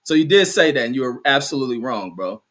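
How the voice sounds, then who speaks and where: A man's voice: medium pitch, big pitch swings, fast talker, a bit bright. A man hosting a livestream, arguing his point bluntly and with a lot of profanity over a voice call. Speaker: host. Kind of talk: heated casual debate.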